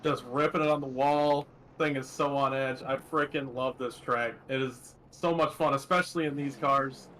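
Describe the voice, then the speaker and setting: A man's voice: mid-range voice, fairly even intonation, normal speed, hardly any pauses, a bit bright, slight background noise. A young man talking after winning a sim race, enthusiastic and polite, answering with yes sir. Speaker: race winner, interviewee. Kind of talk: casual post-race interview.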